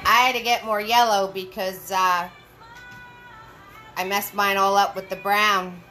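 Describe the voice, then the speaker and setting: A woman leading a live painting lesson, chatty and encouraging, giving slow step-by-step instructions and greeting viewers by name. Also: medium pitch, level tone, bright, forceful tone, soft background music, poor audio.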